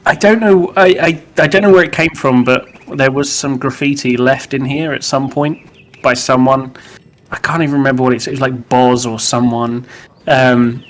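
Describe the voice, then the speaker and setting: Male co-host, mid pitch, light joking banter. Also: steady tone, moderate pace. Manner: joking, laughs. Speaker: guest builder. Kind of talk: casual chat.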